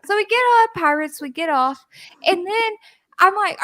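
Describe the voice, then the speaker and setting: A woman with a very high, bright voice tells a story on a podcast, animated and exasperated, now and then dropping a swear word. Her pitch jumps around a lot as she acts out what the others said. The sound is close and dry. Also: normal speed, no room sound, poor audio. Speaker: podcast co-host telling a story. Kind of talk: casual storytelling chat. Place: podcast recorded live with co-hosts.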